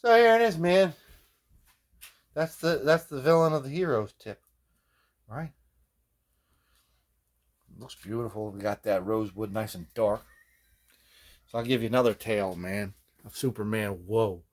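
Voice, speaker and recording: A man's voice: lowish voice, measured pace, long pauses. A man who builds guitars, casually telling long rambling stories, constantly checking in with his listener. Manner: rambling, digressive, constant "you know what I mean". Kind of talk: casual rambling storytelling vlog.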